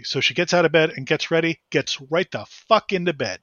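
Guy with a flat pittsburgh-ish accent, bright forceful voice, kinda high, joking around. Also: normal speed, no room sound. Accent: western Pennsylvania. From Pennsylvania. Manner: joking, self-deprecating. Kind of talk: casual chat. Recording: dull, slightly lo-fi sound.

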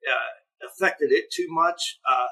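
Ohio guy w a yinzer accent, kinda high bright voice, rambles with lots of uhs. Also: slow pace, rough recording. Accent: Pittsburgh-area (Yinzer). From eastern Ohio. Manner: rambling, easygoing, many fillers. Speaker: guest musician. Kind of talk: casual interview chat.

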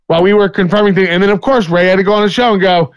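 A man's voice: high voice, steady tone, racing, clear, resonant tone, dry recording. A man co-hosting a live show, telling rambling gossip stories and quoting others in mock voices. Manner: rambling storyteller, quotes people in mock voices. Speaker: podcast co-host. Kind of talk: casual live-stream banter.

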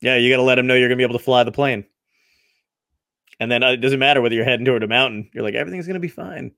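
A man hosting a casual chat with a comedian, laughing often and chiming in with quick, profane agreement. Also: mid-range voice, level tone, fairly bright tone, no echo, studio quality.

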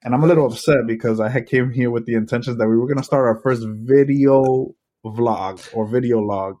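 A man's voice: mid-range voice, fairly quick, warm tone. A young man co-hosting a podcast, joking and bantering in a casual way. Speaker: podcast co-host. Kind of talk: casual chat. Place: home, sitting face to face.

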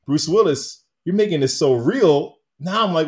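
A man co-hosting a casual movie chat, animated and laughing often. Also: a little high, moderate pace, few pauses.

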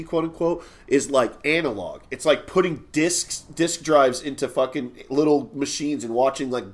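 A man hosting a casual podcast, rambling and swearing with lots of fillers and restarts. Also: mid-range voice. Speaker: podcast host. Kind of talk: casual chat.

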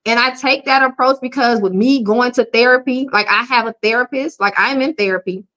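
A woman's voice: a little high, a little fast, fairly bright tone. Frank, down-to-earth woman coach, lo-fi. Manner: frank and down-to-earth, speaks openly. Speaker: life coach, interview guest. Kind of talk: candid conversational interview. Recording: dull lo-fi audio.

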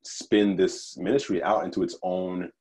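A man from Nigeria who grew up in the United States, speaking as a podcast guest in a thoughtful, measured way with fillers and restarts. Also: deep voice, steady tone, mellow. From Nigeria, raised in the United States. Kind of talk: conversational interview.

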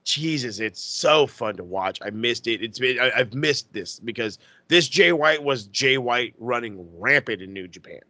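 A man co-hosting a podcast in casual chat, excitable, profane and gushing. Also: mid-range voice, normal speed, few pauses, dry recording. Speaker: podcast co-host.

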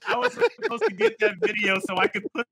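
A man's voice: sits high, huge pitch swings, brisk, vocal fry, fairly bright tone. A man co-hosting a casual sports podcast, joking and laughing with theatrical asides. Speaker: podcast co-host.

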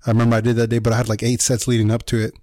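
A relaxed young man talking gym talk on a podcast, his voice at an ordinary middle pitch. He is recorded close and dry, with no room sound, and he peppers his speech with swearing and "like.". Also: rapid-fire, dry recording. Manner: relaxed, swears often, hedges with "like". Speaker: podcast co-host. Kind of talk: casual chat.

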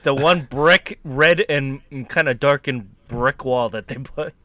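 A man chatting casually about a video game, excitable and laughing often, tripping over his words. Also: mid-range voice, a little slow, no echo. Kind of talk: casual gaming chat.

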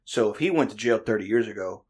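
A man telling a profane, animated story in casual podcast chat, laughing often. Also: fairly low pitch, quick pace, husky.

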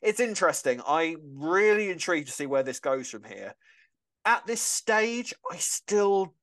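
A man's voice: on the high side, very animated, a little slow, fairly bright tone. A man co-hosting a podcast, chatting enthusiastically about a soap opera, often restarting his sentences. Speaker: podcast co-host.

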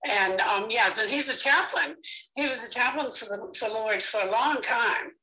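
A woman's voice: on the high side, moderate pace, sharp tone, rough recording. A woman guest in casual conversation, chatty and hesitating as she explains.

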